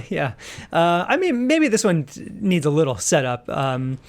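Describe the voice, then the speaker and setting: Man, slightly higher-pitched voice, casual podcast chat, hesitant and rambling. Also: huge pitch swings, a little slow. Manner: rambling, hesitant, many fillers and restarts. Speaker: composer discussing his piano work.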